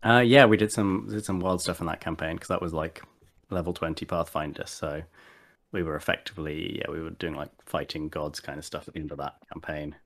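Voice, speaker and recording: Low-voiced man rambling casually. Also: fairly even intonation, fairly quick. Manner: rambling, many fillers and restarts. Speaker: podcast co-host, tabletop player. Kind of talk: casual chat.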